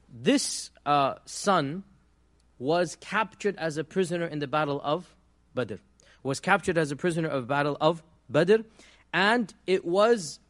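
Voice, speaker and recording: A man teaching a religious class, explaining patiently and checking in with his listeners, often pausing on fillers. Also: medium pitch. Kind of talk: classroom lecture.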